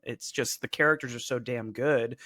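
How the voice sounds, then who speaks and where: A man's voice: medium pitch, fairly even intonation, normal speed, sharp tone, dry recording, clean studio sound. A man co-hosting a podcast, chatting casually and enthusiastically about a film, swearing now and then. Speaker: podcast co-host. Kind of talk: casual film-review chat.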